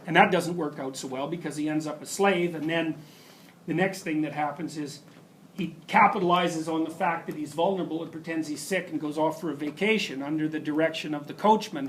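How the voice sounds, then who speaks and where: High-voiced man giving an emphatic lecture. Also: a little hiss or hum. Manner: emphatic, animated storytelling with frequent restarts. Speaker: university lecturer. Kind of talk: university lecture.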